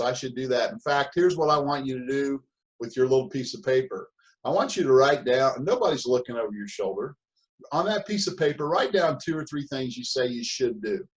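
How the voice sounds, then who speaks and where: A man's voice: mid-range voice, rough recording. A man giving a motivational seminar talk on productivity, with punchy repetition and acted-out whiny voices. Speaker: mentor and speaker.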